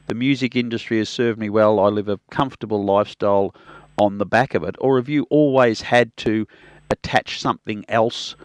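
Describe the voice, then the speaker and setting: Older Australian radio host, low voice. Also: male voice, dry recording. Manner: asks questions, self-correcting. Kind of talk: conversational radio interview.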